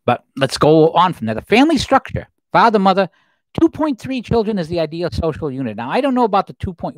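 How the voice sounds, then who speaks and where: A man's voice: sits high, no room sound, low-quality recording. A man in his fifties hosting a solo livestream, talking through political commentary in a rambling, conversational way with restarts and asides. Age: 50s. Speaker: livestream host.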